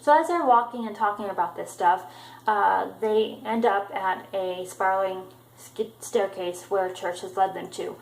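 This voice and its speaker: A woman talks through a book chapter she has just read, casual and unscripted, tripping over words and filling pauses with ums. Her voice sits at an ordinary middle pitch, and the sound carries a noticeable echo off the room around her. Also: vocal fry. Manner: loose retelling, many ums and restarts. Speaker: book vlogger.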